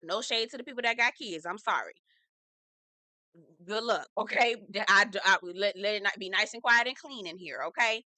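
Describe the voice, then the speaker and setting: Sassy woman with a bright, dry voice. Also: mid-range voice, normal speed, dry recording. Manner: sassy, animated, says "girl" often. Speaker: reality TV recap host. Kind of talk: casual recap commentary.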